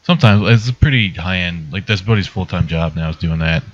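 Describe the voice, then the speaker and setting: Deep-voiced, dryly teasing podcast man. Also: a little fast. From Labrador, Canada. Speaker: podcast co-host. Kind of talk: casual chat. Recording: lo-fi podcast recording.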